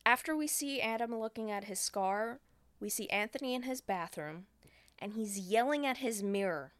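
Animated, foul-mouthed woman recapping a movie. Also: a little high, moderate pace, no room sound. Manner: profane, animated retelling with acted quotes. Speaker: podcast co-host. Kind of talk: casual movie recap chat.

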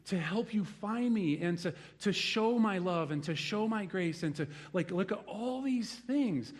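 A middle-aged man preaching a sermon in a conversational, animated way, acting out the voices in his stories. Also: sits high. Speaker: pastor.

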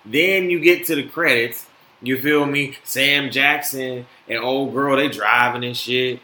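A man hosting a casual solo podcast, animated and swearing freely with many fillers. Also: mid-range voice, measured pace. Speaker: podcast host. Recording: echoey room, faint noise.

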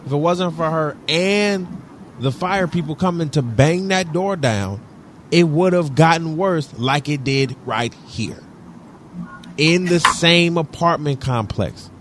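A man from Detroit, co-hosting a podcast, telling a story in an animated, profane way and repeating himself for emphasis. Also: on the high side, slow, background noise. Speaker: podcast co-host. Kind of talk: casual chat.

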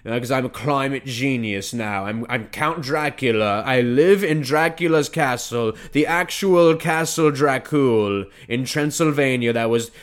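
A man's voice: mid-range voice, measured pace, few pauses, lightly acted. A man doing a smug, mock-pompous royal. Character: smug royal man claiming vampire ancestry.

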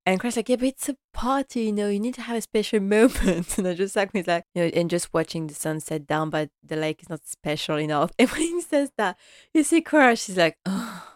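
A woman's voice: medium pitch, brisk, no room sound, studio quality. A woman chatting casually through an episode recap, laughing often and acting out the characters' lines. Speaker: series recap vlogger.

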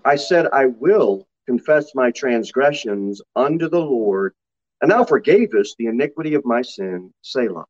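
Pastor preaching a sermon. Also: male voice, sing-song, unhurried. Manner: preaches with sudden loud high-pitched mock quotes. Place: church sanctuary. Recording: slightly dull lo-fi sermon recording.

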